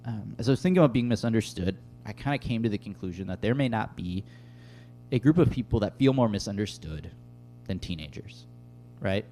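A man's voice: fairly low pitch, lively intonation, fairly quick, warm tone, soft background music. A man preaching a casual, conversational sermon to a room, with frequent fillers. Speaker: pastor. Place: room with tables and an audience.

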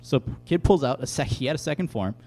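A young adult man giving a casual, conversational bible teaching, telling stories with lively asides. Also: mid-range voice, fast. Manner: conversational, animated storytelling with asides.

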